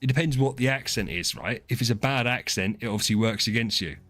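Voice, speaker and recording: A chatty streamer from southern England talks casually while reading chat, teasing, rambling, laughing and often restarting sentences. His medium-pitched, fairly bright voice is animated and fast, with faint music behind him.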